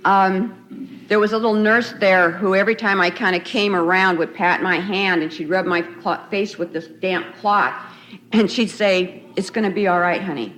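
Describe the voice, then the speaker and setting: A woman's voice: medium pitch, fairly even intonation, moderate pace, a bit bright. Woman telling her recovery story. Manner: conversational storytelling with frequent laughs and "you see". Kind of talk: recovery talk at a retreat. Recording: faint noisy 1990s tape recording.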